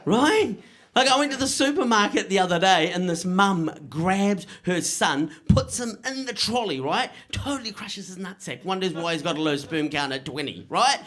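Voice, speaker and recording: A middle-aged man works through a stand-up set. His voice sits fairly high, and he lands each line with a dry, punchy timing. He keeps tossing quick "right?" checks to the room. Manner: punchy, deadpan delivery with frequent "right?" asides to the crowd. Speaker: stand-up comedian.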